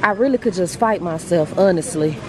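A young woman, talking to a handheld phone camera in an animated, outspoken vlog, cursing freely. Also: on the low side, a little fast. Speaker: vlogger. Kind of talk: casual vlog chat. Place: in stores and a car. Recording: background noise from stores and car. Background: store and car noise.

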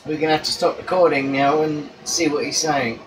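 A woman's voice: sits low, fairly even intonation, brisk. A woman talking casually to her pet cockatoo in her bedroom, cooing and praising the bird between asides. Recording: from a distance, faint room hum.

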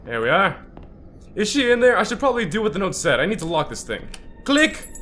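A man playing a horror game and commenting, easily startled, swearing and yelling back at the ghosts. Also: sits high, sing-song, brisk, a little hiss or hum. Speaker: gaming channel host.

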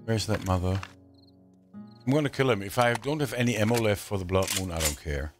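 With music in the background, a man with a lowish, animated voice talks briskly. He hosts a gaming channel and casually comments on his own survival game in a language other than English, chatting to the zombies and mock-grumbling at them.

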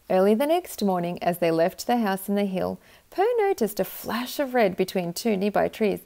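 A woman reading a children's picture book aloud with gentle, expressive narration. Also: medium pitch, moderate pace, creaky. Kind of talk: storybook read-aloud.

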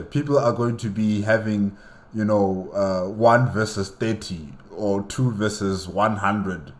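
A man's voice: lowish voice, fairly even intonation, slow. A man hosting a reaction video who talks back directly to a character in a casual, argumentative way. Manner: argues directly with a character, rhetorical.

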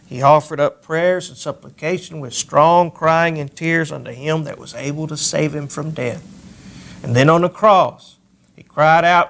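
A male pastor preaching a sermon, reading scripture aloud and pressing key words with slow emphasis. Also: fairly high pitch, vocal fry, a bit bright. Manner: reads scripture aloud in King James wording.

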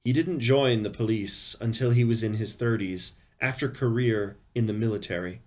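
A man reading first-person crime fiction aloud in a measured, grave storytelling manner. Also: fairly low pitch, darkish tone. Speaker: reader.

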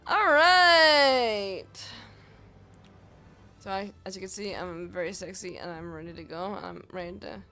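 A woman's voice: on the low side, fairly even intonation, brisk, gravelly, few pauses, soft background music. A woman streaming a game live, chatting casually, swearing freely and talking back to the game and her chat.

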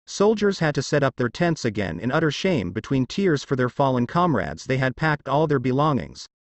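A man narrating a fan fiction story in an expressive reading. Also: mid-range voice, no echo. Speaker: story reader.

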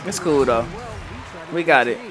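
A young man commentating live on his own basketball video game, excitable and trash-talking at the screen. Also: on the high side, measured pace. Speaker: gaming commentator. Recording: game music and crowd noise faintly behind. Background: faint game music and arena crowd.

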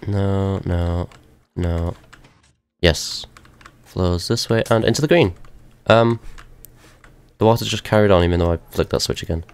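A young man with a deep, low-set voice talks his way through a video game, thinking aloud in a rambling, wry way. Faint game music plays quietly behind him. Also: unhurried, smooth. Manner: rambling, self-talking, wry asides. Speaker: gaming video host. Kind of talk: let's play commentary.

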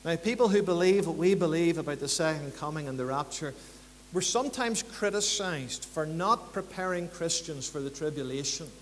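A man preaching a sermon in church, building to emphatic rhythmic repetitions and then dropping low and quiet. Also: moderate pace. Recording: church hall reverb, faint hum.

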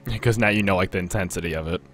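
A man's voice: deep voice, rapid-fire, a bit bright, faint music behind. A young man chatting casually while streaming a game, rambling and laughing often. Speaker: streamer playing a battle royale game. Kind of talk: casual live-stream commentary.

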